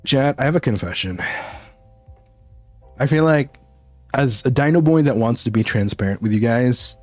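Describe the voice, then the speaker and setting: Giggly man chatting on stream, lively pitch. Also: moderate pace, no echo, faint music behind. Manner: giggly, laughs often, rambling. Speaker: VTuber streamer. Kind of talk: casual chat with viewers.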